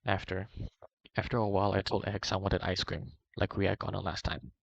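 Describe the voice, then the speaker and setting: A man reading a long first-person document aloud in a steady, even way. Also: low voice, fairly quick, creaky, no room sound. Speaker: reader. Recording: dry, muffled lo-fi voice recording.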